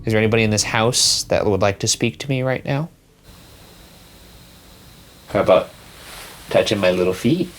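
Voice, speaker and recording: A man's voice: lowish voice, moderate pace, pauses often, slight background noise. Male ghost-hunt co-host, jumpy and earnest, speaking into empty rooms over a music bed. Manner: jittery, talks to the empty room, startled outbursts. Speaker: co-host, paranormal investigator. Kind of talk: calling out to spirits during a ghost hunt. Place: inside a family house.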